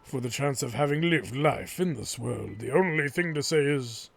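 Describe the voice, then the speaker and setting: Gravelly-voiced man reading a game story. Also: mid-range voice, animated, moderate pace. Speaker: let's play host. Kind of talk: slow dramatic narration of game text.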